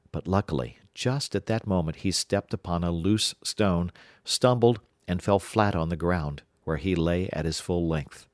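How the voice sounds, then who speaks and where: A man giving scripted narration of a fairy-tale audiobook in an even, measured way. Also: low voice, dry recording, clean studio sound.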